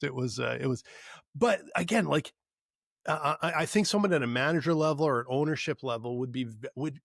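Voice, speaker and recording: A podcast co-host casually tells a story, animated in the retelling and full of fillers and restarts. His medium-pitched voice carries vocal fry, with clean studio sound and no room sound.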